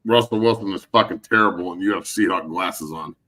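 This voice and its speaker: A man who is a former football player, hosting a casual sports talk show and speaking in a blunt, animated way with heavy swearing. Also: sits low, a little fast.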